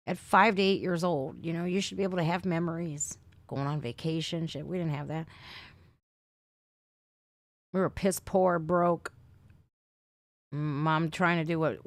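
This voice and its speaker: Chatty woman streamer with a low voice. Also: no room sound. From Northeast Ohio. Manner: chatty, swears freely, says "man" and "dude". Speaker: livestream host. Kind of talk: casual livestream chat reading comments.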